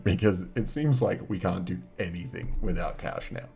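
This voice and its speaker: Over soft background music, a man with a low, slightly mellow voice and some vocal fry speaks at a normal speed. As game master, he plays a solo tabletop adventure book, reading the text aloud and chatting casually with viewers.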